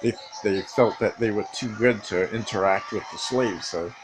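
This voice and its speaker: A man with a fairly low voice thinks out loud in a loose solo monologue. He stumbles through restarts and fillers and now and then chuckles to himself. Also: moderate pace, low-quality recording. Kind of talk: rambling casual monologue.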